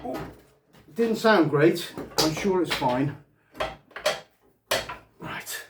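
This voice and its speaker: A man's voice: a little high, expressive, drawn-out words, very noisy. A man vlogging while he restores a vehicle in his garage, muttering to himself as he works and talking to a distant camera. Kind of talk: casual workshop vlog. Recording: echoey room, mic far off.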